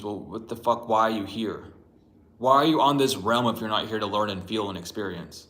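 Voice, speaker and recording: A man's voice: on the low side, animated, moderate pace, a bit bright. Blunt, profane man in a roomy room. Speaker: tarot reader. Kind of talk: casual spiritual reading rant. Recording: roomy echo.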